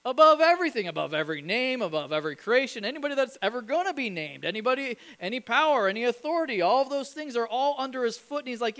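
A middle-aged man preaching a sermon in church, telling stories with lively acted-out voices and repeated phrases. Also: very high voice, quick pace, hardly any pauses. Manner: animated storytelling, acts out voices, repeats phrases. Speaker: pastor.

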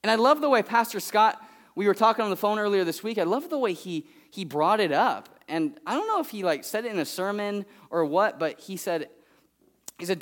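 A man's voice: high voice, brisk. A man in his thirties from California, preaching as a guest speaker in a church and telling a family story in a loose, conversational way. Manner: animated and conversational, acts out his toddler's voice. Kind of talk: sermon with storytelling.

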